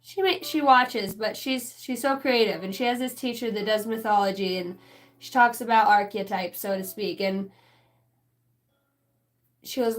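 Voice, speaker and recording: A woman's voice: mid-range voice, fairly even intonation, normal speed. A woman giving a rambling, casual channeled reading, swearing freely and talking straight to her listeners. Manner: rambling, profane, chatty. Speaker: spiritual channeler.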